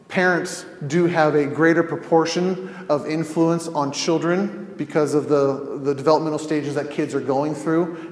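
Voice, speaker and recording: A male counselor teaching in a conversational way, telling scenarios and asking rhetorical questions. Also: fairly high pitch. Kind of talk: teaching podcast talk. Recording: echoey room with long reverb.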